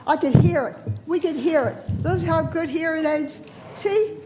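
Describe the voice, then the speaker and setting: Woman commenter in a board chamber, very high voice, rambling, accusing, off-mic. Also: normal speed, noisy background. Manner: rambling, accusatory, repeats herself. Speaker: public commenter. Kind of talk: public comment at a meeting. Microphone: off to the side of a podium mic.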